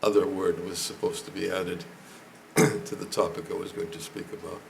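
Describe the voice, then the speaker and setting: An older man giving a temple lecture, hoarse and losing his voice, speaking haltingly and often clearing his throat. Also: sits low, level tone, slight background noise. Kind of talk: lecture to a congregation. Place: temple hall.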